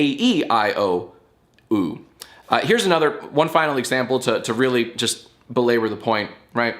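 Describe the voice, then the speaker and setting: A man's voice: medium pitch, a bit bright. A man hosting his own online show, chatting casually to camera in a loose, rambling way and explaining things with playful emphasis. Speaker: YouTube show host.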